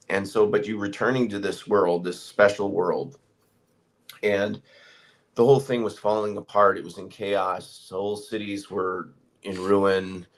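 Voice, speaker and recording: A man on a casual chat show, wry and self-deprecating, laughing often. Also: lowish voice.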